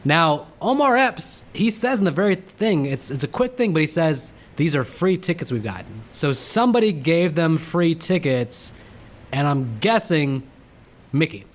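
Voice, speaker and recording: Chatty man, somewhat high voice. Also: big pitch swings, unhurried. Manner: chatty, rambling with fillers, tells trivia. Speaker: podcast co-host. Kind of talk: casual movie discussion.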